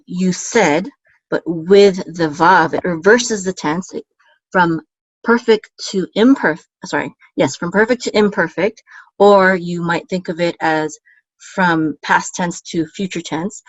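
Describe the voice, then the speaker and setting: A woman teaching a relaxed online language lesson, explaining patiently and often checking in with "okay?". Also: lowish voice, no room sound. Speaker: Biblical Hebrew teacher. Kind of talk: casual screen-share lesson. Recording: dull, dry lo-fi sound.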